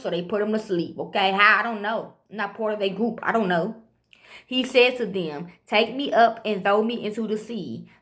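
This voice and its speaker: A woman, reading scripture slowly and breaking into rambling, profane commentary with constant "okay?" asides. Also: medium pitch. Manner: reads slowly, then rambles fast with frequent "okay?" and swearing. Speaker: amateur preacher.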